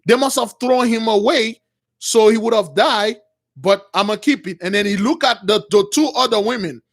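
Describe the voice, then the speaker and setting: A man's voice: high-pitched, moderate pace. A man retelling a religious story as a preacher, rambling with many restarts and calling his listeners brothers.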